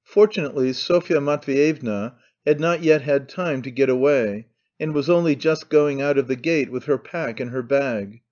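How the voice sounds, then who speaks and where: A man narrating an audiobook in a measured, even storytelling manner. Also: mid-range voice, lo-fi sound. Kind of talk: scripted narration.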